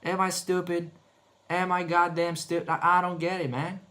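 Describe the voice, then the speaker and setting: A man's voice: high-pitched, little pitch movement, normal speed, bright, forceful tone. A man talking to himself while editing video, muttering and swearing in exasperation. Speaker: video editor streaming his work.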